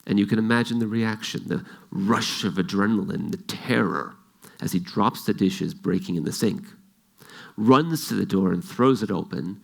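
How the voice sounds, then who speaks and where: A man's voice: on the low side, normal speed, creaky. A man giving an explanatory talk, telling an example story and acting out its dialogue. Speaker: speaker.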